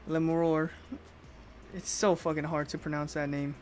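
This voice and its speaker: A man's voice: on the high side, flat delivery, a little slow, darkish tone, a little hiss or hum. A young adult man live-streaming a game, reading its dialogue aloud and cursing casually as he jokes about his own voices. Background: game music.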